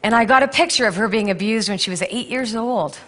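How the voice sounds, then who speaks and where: A woman's voice: a little high, brisk, a bit bright. A middle-aged woman giving a candid, storytelling conference talk to a live audience, laughing often as she speaks. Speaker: intuitive counselor and speaker. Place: stage in a large hall. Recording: long hall reverb.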